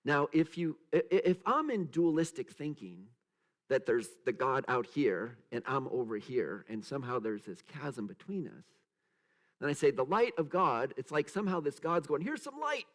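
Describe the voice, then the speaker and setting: A man's voice: mid-range voice, moderate pace. A male pastor giving a sermon, searching for words and acting out quotes in a raised voice, leading the congregation in repeating phrases. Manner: animated, acts out quotes in a raised voice; searching, with many restarts and trailing asides.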